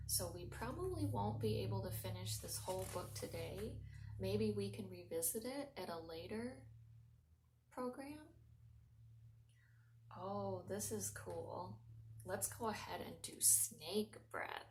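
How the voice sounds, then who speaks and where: A woman leading young children through a breathing lesson in a soft, encouraging voice that sometimes drops to a whisper. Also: mid-range voice, animated, a little slow, a little hiss or hum. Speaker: children's librarian leading a mindfulness story time. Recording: roomy home recording from a distance.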